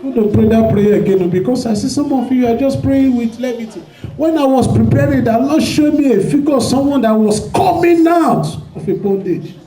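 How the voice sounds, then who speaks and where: A man who is a pastor, preaching a sermon with fervor and shouting prayer declarations. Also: extremely high pitch, lively intonation, a little fast, hardly any pauses, roomy sound, low-quality recording. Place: church hall.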